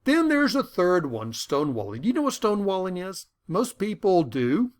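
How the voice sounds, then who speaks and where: Man with a lively, rising lecture voice. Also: a little high, normal speed. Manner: animated storytelling that acts out dialogue. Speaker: lecturer on conflict management. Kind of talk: lecture with personal anecdotes.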